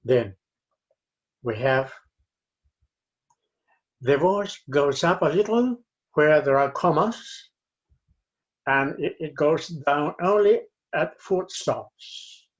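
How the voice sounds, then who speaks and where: Chilean-accented male lecturer, slow and deliberate, fairly high voice, muffled lo-fi audio. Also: lively intonation. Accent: Chilean Spanish. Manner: slow, careful, with frequent fillers and pauses. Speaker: university English teacher. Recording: dull lo-fi sound.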